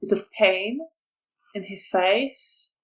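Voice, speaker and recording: A woman narrating a tabletop vampire game as storyteller, soft-spoken and hesitant with fillers. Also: medium pitch, takes it slowly, highs cut off.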